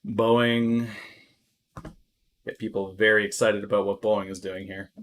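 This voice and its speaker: A man doing live-stream stock market commentary, thinking aloud with lots of fillers and breaking into loud, exaggerated alarm and crude jokes. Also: on the low side, flat delivery, measured pace. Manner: crude joking asides.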